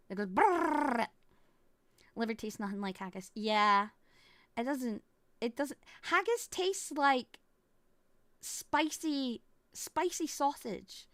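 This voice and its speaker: This is a Scottish woman talking loosely to her viewers while reacting to a clip. She is playful and quick to giggle, and she wanders from one thought to the next. Her voice is bright and a little high, recorded dry and close. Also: dry recording. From Scotland. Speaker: streamer reacting to a video. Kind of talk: casual reaction stream chat.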